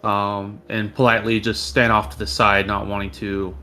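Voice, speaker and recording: Calm low-voiced man playing a tabletop game. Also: soft background music. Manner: calm, deliberate. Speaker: player.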